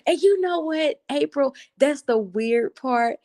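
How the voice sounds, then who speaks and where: A woman hosts a relaxed late-night livestream from home and answers her viewers' comments as they come in. Her natural speaking voice sounds excited and animated even when she is just chatting. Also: high-pitched, takes it slowly. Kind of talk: casual live chat, reading viewer comments.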